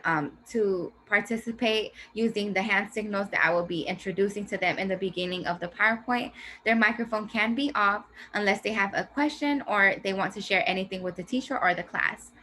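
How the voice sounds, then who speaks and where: A woman teacher explaining a reading strategy to her class in a clear, slow, teacherly way. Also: medium pitch, bright, forceful tone, a little hiss or hum. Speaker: teacher presenting a reading lesson. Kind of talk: scripted classroom presentation.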